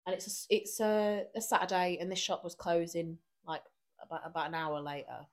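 A woman, co-hosting a podcast and telling a lively anecdote in casual chat. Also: fairly low pitch, fairly quick. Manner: animated anecdote-telling with frequent laughter and acted quotes. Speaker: podcast co-host.

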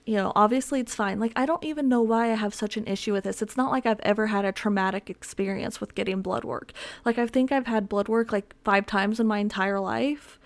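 A young woman hosts a podcast from home with her dogs around, talking solo in a loose, rambling way full of fillers and self-mockery. Her voice is medium in pitch and she speaks fairly quickly.

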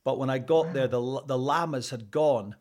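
A man's voice: mid-range voice, moderate pace, a little mellow. A man from Scotland with a Scottish accent, chatting as an interview guest, rambling with fillers and restarts and laughing often. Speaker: interview guest, radio presenter. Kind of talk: casual interview chat.

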